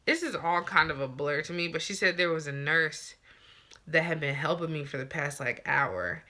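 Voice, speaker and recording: A young woman vlogger chats to the camera about something that happened to her, animated and acting out what people said. Her voice sits low and she speaks at a moderate pace.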